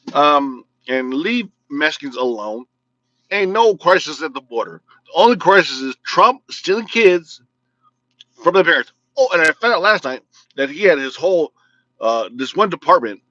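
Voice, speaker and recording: A man's voice: on the high side, expressive, moderate pace, pushed and bright, no echo. A man hosting his own casual video talk show, his speech slightly slurred and mumbling at times. He rants bluntly and jokes as he goes. The recording is dry, with a dull, lo-fi sound. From United States, Illinois. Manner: blunt, joking, ranting. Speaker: vlog host. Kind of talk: casual political rant to camera.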